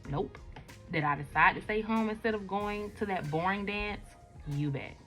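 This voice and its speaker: A woman's voice: mid-range voice, moderate pace, a bit bright, faint music behind, voice pushed up, natural voice. A woman reading as a shy teen girl.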